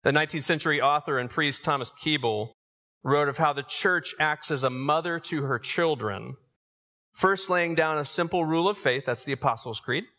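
A pastor delivers an earnest sermon, and his voice carries a bright, forceful edge. It sits a little higher than most men's and swells into emphatic calls. A long reverb trails off the walls of a large church. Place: church sanctuary.

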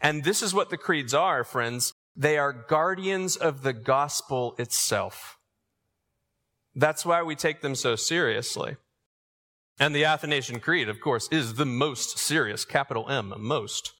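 A pastor delivers an earnest sermon, and his voice carries a bright, forceful edge. It sits a little higher than most men's and swells into emphatic calls. A long reverb trails off the walls of a large church. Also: measured pace. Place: church sanctuary.

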